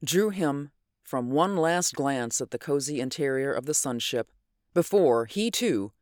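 A narrator reading an adventure story in measured, unhurried scripted narration. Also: medium pitch, animated, dry recording, clean studio sound. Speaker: audiobook narrator.

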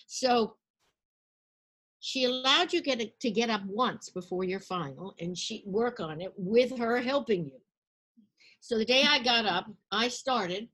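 An older woman, an actress, recounting her past in a storytelling interview, lively and acting out the people she quotes. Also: mid-range voice.

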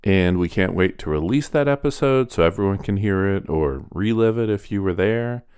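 A man co-hosting a podcast, friendly and relaxed, giving a casual intro and chat. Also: low voice, normal speed, clean tone, dry recording, studio quality. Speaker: podcast co-host.

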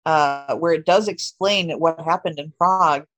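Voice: medium pitch, measured pace, fairly bright tone, no room sound. A podcast co-host adding details in casual chat, speaking in thoughtful interjections.

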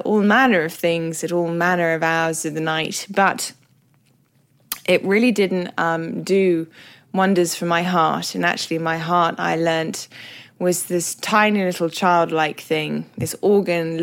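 English woman with a lowish voice, podcasting. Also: creaky. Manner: reflective, candid, self-deprecating humour. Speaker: podcast host. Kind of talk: solo podcast monologue.

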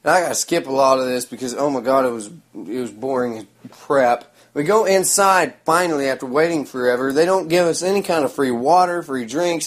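A man's voice: medium pitch, normal speed. A man, telling a rambling story in a sarcastic, crude, mocking way. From Oklahoma. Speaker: vlogger.

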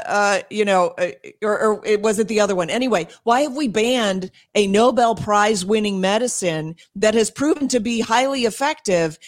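Emphatic woman guest, fairly high voice. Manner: emphatic, fast bursts with frequent laughs and restarts. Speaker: guest, homeschool advocate and author. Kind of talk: passionate interview talk.

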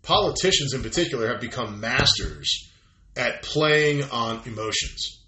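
A man talking in a casual conversation, animated and profane, acting out quoted voices as he goes. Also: mid-range voice, measured pace, roomy sound, a crowd in the background.

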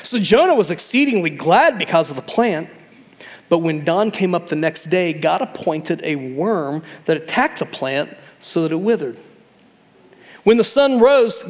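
A male pastor with a high voice preaching in a loose, joking, conversational way. His words trail off into a long reverb, as in a large church hall. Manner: conversational and humorous, acting out voices. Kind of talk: sermon.

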